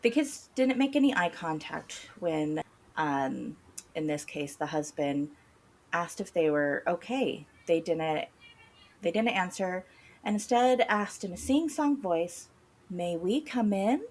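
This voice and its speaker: A woman's voice: fairly low pitch, animated, takes it slowly. A woman co-hosting a podcast, narrating a spooky story with dry humor. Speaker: podcast co-host. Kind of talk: casual storytelling chat.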